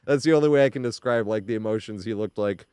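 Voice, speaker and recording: A man's voice: lowish voice, quick pace, a little mellow, clean tone, dry recording. A young man streaming a game, telling rambling stories in casual chat, laughing often and swearing freely. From New York area.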